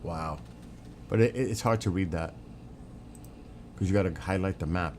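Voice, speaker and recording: Deep and darkish in tone at a normal speed, this man's streaming voice carries slight background noise. He answers chat viewers by name while giving rambling, opinionated casual commentary, cursing from time to time.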